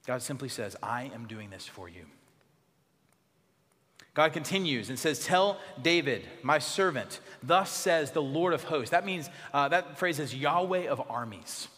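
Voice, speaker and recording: A pastor preaching a sermon in a church, expressive, dropping to soft tones for emphasis. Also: male voice, medium pitch, in a large hall.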